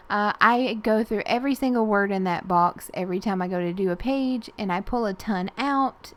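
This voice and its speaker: Chatty Southern woman narrating crafts. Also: medium pitch. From Tennessee. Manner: chatty and rambling, frequent soft laughs and fillers. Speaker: art journaling YouTuber. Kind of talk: casual voice-over narration while crafting.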